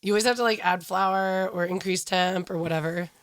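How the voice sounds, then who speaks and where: A woman co-hosting a podcast in casual chat, animated, laughing often and swearing freely. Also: fairly low pitch, brisk, clean tone, dry recording. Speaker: podcast co-host.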